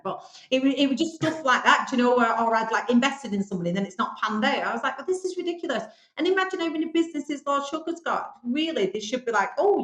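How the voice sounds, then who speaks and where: Frank chatty Northern English woman. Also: medium pitch. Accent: Northern English (Bolton). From Bolton, England. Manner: frank, chatty, swears, self-mocking. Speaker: podcast guest, business owner. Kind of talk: casual interview storytelling. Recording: roomy echo.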